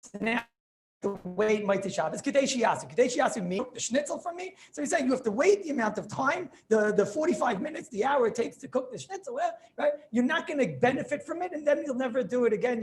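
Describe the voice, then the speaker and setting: Chatty high-voiced man teaching a class. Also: brisk. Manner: animated, chatty, checks if students understand. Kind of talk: informal Torah class.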